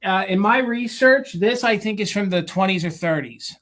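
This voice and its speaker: A woman's voice: medium pitch, lively intonation, normal speed, a bit bright. Chatty woman running a live sale. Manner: chatty, with filler words, counting down bids. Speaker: live sale co-host and seller. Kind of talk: casual live sale pitch.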